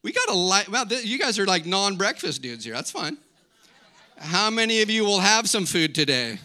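A middle-aged man preaching a sermon as pastor, conversational and energetic, asking the congregation questions and joking with asides. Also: high voice, moderate pace.

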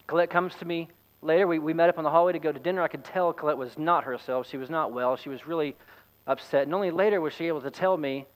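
A man's voice: on the high side, fairly even intonation, fast talker, poor audio. A man, a pastor, preaching a sermon in a conversational, storytelling way. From United States.

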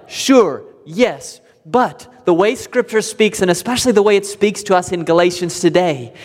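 A man preaching a sermon to his church, emphatic and deliberate, repeating key words for weight. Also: high voice, long reverb tail. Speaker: pastor. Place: church sanctuary.

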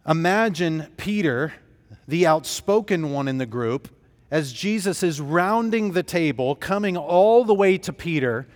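A man's voice: fairly high pitch, expressive, unhurried, in a large hall. A man preaching a sermon as pastor, telling the story in an earnest, emphatic way.

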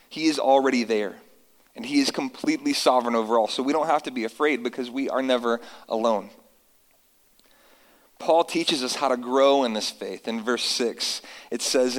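A man, likely in his thirties, preaching a sermon to his congregation, telling family stories and reading scripture slowly for emphasis. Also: medium pitch, long reverb tail, poor audio. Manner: earnest, storytelling with slow emphatic scripture reading. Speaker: pastor.

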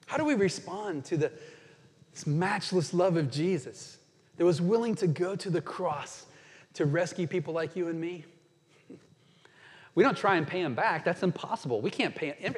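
A man delivers a sermon from a church sanctuary, his voice sitting fairly high. He is earnest and slows right down to savor quoted scripture. The sound carries a long reverb from the hall. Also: animated. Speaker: pastor.

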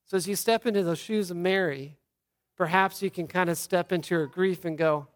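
High-voiced earnest man preaching. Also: moderate pace. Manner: earnest storytelling, acting out quoted lines softly. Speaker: pastor. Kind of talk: Easter sermon.

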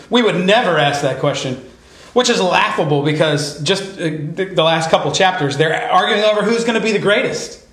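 A male pastor with a fairly high voice delivers a conversational sermon, often easing into quiet, earnest tones. The sound is roomy, with a clear echo around him. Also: lively intonation, fairly quick. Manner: conversational preaching, drops to soft earnest tones.

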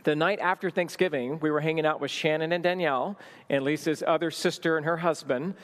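A man's voice: sits high, a bit bright, smooth, long reverb tail. A man in his thirties telling a personal story at a marriage teaching session, acting out the dialogue with lots of energy. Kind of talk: storytelling talk.

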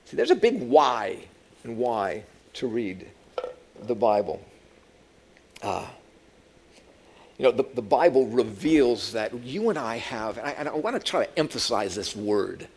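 A man's voice: mid-range voice, sing-song, measured pace, pauses often, darkish tone, breathy edge. A man giving a conversational sermon as a Bible teacher, telling humorous stories and asking the audience questions.

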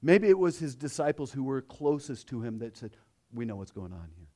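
A man preaching a sermon, dropping to a hush and then rising loud, acting out the voices of the crowd. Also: medium pitch, big pitch swings, a little fast. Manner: dramatic swings from hushed to loud.

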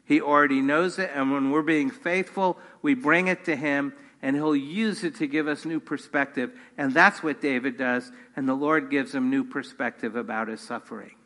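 Guy preaching in a church, bright sharp voice, big hall echo. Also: medium pitch, steady tone, normal speed, hardly any pauses. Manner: earnest, rises in force on key points. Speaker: pastor. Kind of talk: sermon. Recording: long hall reverb.

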